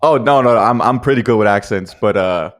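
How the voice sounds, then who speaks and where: A Danish man co-hosts a podcast, chatting casually and joking with laughs. His voice sits on the low side and he speaks a little fast.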